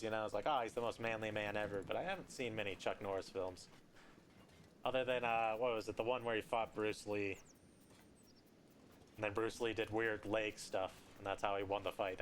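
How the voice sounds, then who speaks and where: A man from Colorado with a raspy voice, giving casual, rambling, joking commentary while he streams a game. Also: on the low side, a little hiss or hum.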